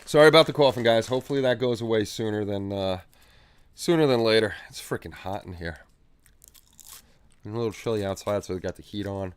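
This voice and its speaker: A man's voice: fairly low pitch, a little fast, clear, resonant tone. A man hosting a livestream, chatting casually and reading viewer comments in a rambling, easygoing way with repeated phrases. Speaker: livestream host. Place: home hobby room.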